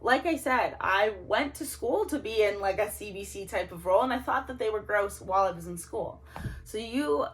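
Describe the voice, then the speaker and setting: A woman's voice: mid-range voice, animated, moderate pace, a little hiss or hum. A woman, delivering an indignant, emotional monologue to camera. She records in a small home closet without a microphone. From Canada. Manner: ranting, indignant, voice swinging up and down. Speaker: political vlogger. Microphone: no microphone, camera's built-in mic.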